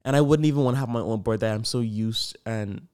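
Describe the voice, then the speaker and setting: A man's voice: mid-range voice, brisk, a little mellow, clear, resonant tone. A young man hosting his own podcast, talking to listeners in an upbeat, chatty and rambling way. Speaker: podcast host. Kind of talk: casual solo podcast chat.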